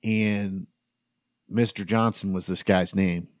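A man's voice: sits low, slow, no echo, clean studio sound. A man in his thirties hosting a podcast, telling a long school story among friends, swearing freely and acting out the voices of the people in it. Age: 30s. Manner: profane, animated storyteller acting out quotes. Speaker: podcast host.

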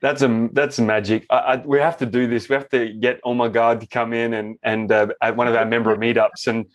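A man hosting a casual interview and reacting with quick, enthusiastic praise. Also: mid-range voice, little pitch movement. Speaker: host.

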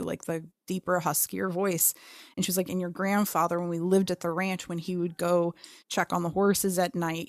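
A young woman tells a personal ghost story in a relaxed, chatty way. She swears easily and slips into little voices for the people she quotes. The sound is close and dry, with no room around her. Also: fairly low pitch, no echo. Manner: animated, swears freely, acts out quotes. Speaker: podcast co-host. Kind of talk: casual storytelling.

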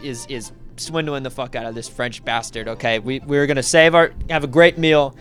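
An actor playing a sleazy, blustering middle-aged husband who stammers, rambles and swears in a comedy audio sketch. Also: male voice, mid-range voice, steady tone, normal speed, a bit bright, soft background music, close to an everyday voice. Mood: scheming.

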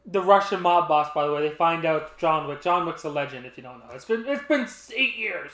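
A man co-hosting a podcast, chatting casually about a movie and retelling scenes in an animated way. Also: fairly high pitch, brisk, reverberant. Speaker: podcast co-host.

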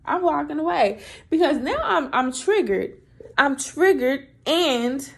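High, gravelly woman podcaster, profane storyteller. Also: slow pace. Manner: animated, profane, chatty. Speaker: podcast host. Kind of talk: casual storytelling monologue.

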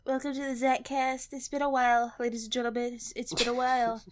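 A woman with a high voice co-hosts a podcast in loose, casual chat. She is playful and teasing and giggles often. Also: little pitch movement, quick pace. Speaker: podcast co-host.

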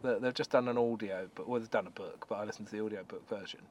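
A man co-hosting a casual morning chat show, bantering in a lively, chatty way. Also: fairly low pitch, fast talker. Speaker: co-host.

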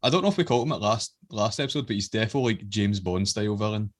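A man's voice: on the low side, racing. A man, co-hosting a podcast with joking, crude banter. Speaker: podcast co-host. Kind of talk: casual chat.

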